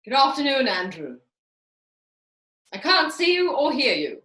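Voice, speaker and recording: Casting: woman doing a high, bright-voiced, pompous grande dame, swooping and theatrical, echoey video call. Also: very animated, unhurried, soft background music, full character voice. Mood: gushing grand. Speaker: host of a live online master class. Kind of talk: comic character performance.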